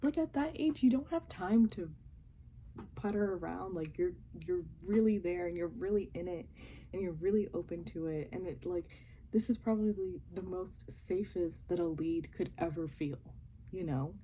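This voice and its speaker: A young woman chatting casually and softly at home as she reacts to a TV show, often giggling. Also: lowish voice, normal speed, a little hiss or hum, low-quality recording. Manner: talking softly and quietly, giggly. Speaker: reaction vlogger. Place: home while family sleeps.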